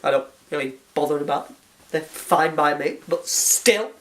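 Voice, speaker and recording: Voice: medium pitch, moderate pace, fairly bright tone, slight background noise. Hyped-up fan going over an episode, rambly and gushing, keeps saying anyway. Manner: hyper, gushing and rambling, often restarts with "anyway". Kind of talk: excited episode recap and review.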